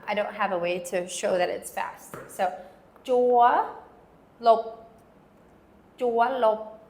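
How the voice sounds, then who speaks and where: A woman teaching a language lesson, patiently repeating words slowly so learners can follow. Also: medium pitch. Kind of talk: slow pronunciation lesson.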